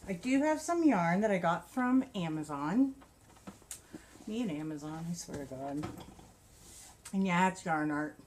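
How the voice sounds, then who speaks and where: A woman talks through her crochet work and new yarn in a relaxed, slow, gushing way, laughing often. Her voice sits in a middle pitch. A faint room hum runs underneath. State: a bit out of breath. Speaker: crochet vlogger. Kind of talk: casual show-and-tell chat.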